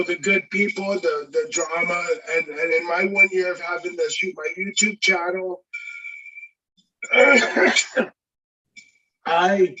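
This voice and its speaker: A man's voice: high voice, far from the mic, lo-fi sound. A man from Windsor, Ontario, a guest in a casual livestream chat, speaking earnestly and a little ramblingly. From Windsor, Ontario, Canada. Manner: earnest, determined, a bit rambling. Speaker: guest YouTuber.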